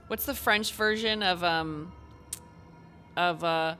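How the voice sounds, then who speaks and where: A woman gaming streamer giving casual let's-play commentary, excitable and gushing, laughing often. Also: on the low side, takes it slowly. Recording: game music behind.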